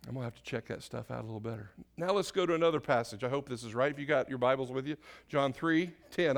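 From a church pulpit, a pastor with a slightly higher-than-average, somewhat bright voice preaches a loose, off-the-cuff sermon. He stumbles over verse numbers and corrects himself, laughs at his own slips, and throws questions out to the congregation.

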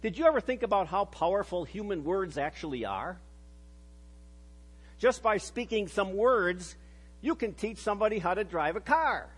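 A high-pitched man in middle age delivers a sermon. He speaks earnestly and slows down to stress the phrases that matter, then drops low and quiet for the solemn lines. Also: animated, breathy edge. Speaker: pastor.

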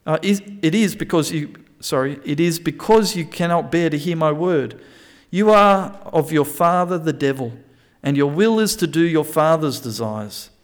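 A man's voice: a little high, expressive, moderate pace. A man preaching a sermon, reading scripture aloud and explaining it with frequent restarts and self-corrections. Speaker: pastor.

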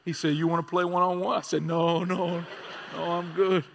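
A man preaching a sermon as a conversational story, swinging from excited and loud to hushed and quiet. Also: high-pitched, normal speed, vocal fry, slight background noise. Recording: long reverb of a large hall.

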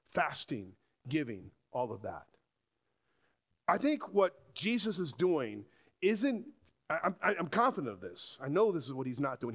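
A man preaching a sermon to a congregation, animated and asking rhetorical questions. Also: a little high. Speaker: pastor.

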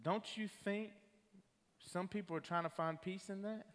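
A man's voice: high voice, fairly even intonation, moderate pace, fairly bright tone. A man giving a sermon, telling a personal story and acting out the voices of the people in it. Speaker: preacher. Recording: reverberant hall.

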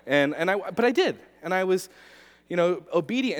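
A male pastor with a high-sitting, very animated voice tells a personal story during a sermon, speaking a little fast. He's earnest, with frequent restarts and repeated words, and long hall reverb fills the recording.

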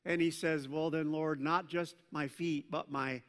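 A man preaching a sermon as pastor, swinging from loud emphatic peaks down to low, quiet stretches. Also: fairly even intonation, unhurried. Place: church sanctuary. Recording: long hall reverb.

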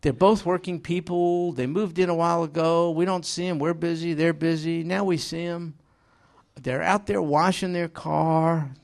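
A man's voice: on the high side, creaky. A middle-aged man preaching a sermon as pastor, telling stories with humor and acting out quotes. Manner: animated storytelling with humor and acted quotes.

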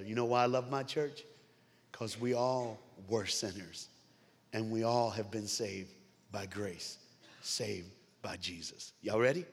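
An American man giving an energetic youth sermon as a guest preacher, animated and laughing often, swinging from hushed lines to loud ones. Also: lowish voice. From United States. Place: large church hall. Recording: long hall reverb.

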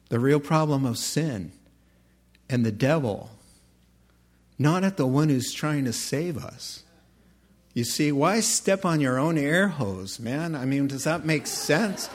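A middle-aged man delivers a sermon from the pulpit in a voice pitched a little high for a man. He keeps things animated and humorous, sliding into playful asides and catching his own slips on the fly. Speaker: pastor.

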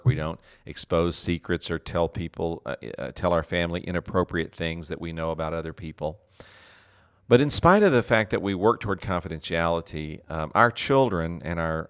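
Earnest low-voiced middle-aged pastor. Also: male voice, smooth. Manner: earnest and heartfelt, with frequent "uh" pauses. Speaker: pastor and ministry leader. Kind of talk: reflective teaching talk.

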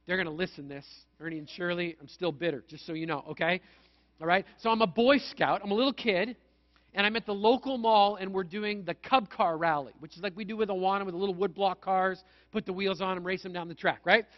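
A pastor from Manitoba, Canada, preaching a conversational sermon and telling stories with self-mocking humor. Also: male voice, high voice, steady tone, a little fast. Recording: dull, lo-fi sound.

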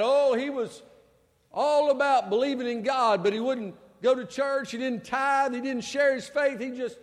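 Male pastor, very high voice, preaching with loud-to-hushed swings, long hall reverb. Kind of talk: sermon.

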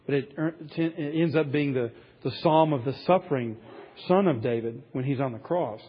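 A man's voice: mid-range voice, normal speed, breathy edge, highs cut off. A man preaching a sermon, earnest and rising to emphatic passages as he reads scripture aloud. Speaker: pastor.

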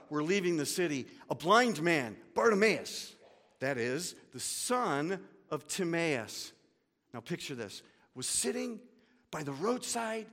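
A man's voice: on the high side, a bit bright, long reverb tail. A male pastor preaching a sermon, telling the story vividly and dropping casual asides.

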